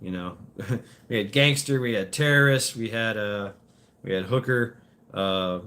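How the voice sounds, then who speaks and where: A man's voice: lowish voice, a little slow, fairly bright tone. A man spinning a casual story, rambling with restarts and plenty of cursing. He breaks into laughter often as he goes. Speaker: vlogger.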